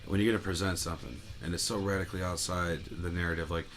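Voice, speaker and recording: A man's voice: low voice, steady tone, quick pace, a bit bright, faint music behind. A man co-hosting a casual podcast, rambling and jumpy, cursing freely as he talks. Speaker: podcast co-host.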